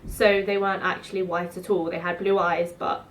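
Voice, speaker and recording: A woman's voice: lowish voice, little pitch movement, moderate pace, slight background noise. Chatty woman in her twenties. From South East London. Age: 20s. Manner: chatty, rambling, lots of "like". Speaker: student vlogger. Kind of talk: casual storytelling to camera.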